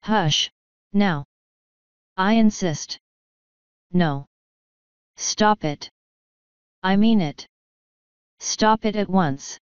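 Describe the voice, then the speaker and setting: A woman's voice: medium pitch, extremely slow, long pauses, clean tone, no echo, dull audio. A woman reading an audiobook, voicing a firm, efficient middle-aged secretary with a determined manner.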